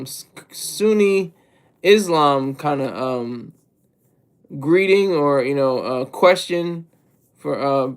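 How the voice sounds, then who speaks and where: A man with a notably high voice hosts a loose livestream, reading chat and talking straight to his viewers. He rambles, interrupts himself, stumbles over and repeats words, and chuckles quietly to himself between thoughts.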